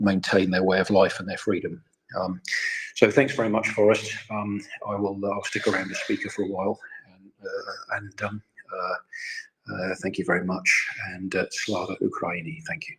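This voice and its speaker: A tired man hosting a live audio chat, halting and full of filler sounds as he signs off. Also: deep voice, breathy edge, poor audio. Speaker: host of a live audio space. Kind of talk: casual sign-off remarks.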